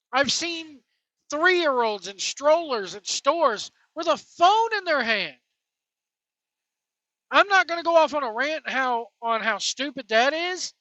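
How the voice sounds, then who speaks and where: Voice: sits high, bright, forceful tone, no room sound, muffled recording. A wrestling commentary host delivering a blunt, scornful opinionated rant full of name-calling.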